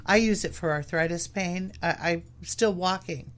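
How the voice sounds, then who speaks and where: A woman's voice: lowish voice, moderate pace, a bit bright. Hesitant woman guest, plenty of ums. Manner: hesitant, many ums and uhs. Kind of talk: casual chat.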